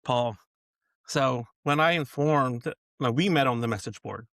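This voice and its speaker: A man hosting a podcast interview, chatting casually with halting phrasing and frequent laughs. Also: medium pitch, a bit bright, no room sound. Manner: halting, laughs often, many fillers. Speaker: podcast host.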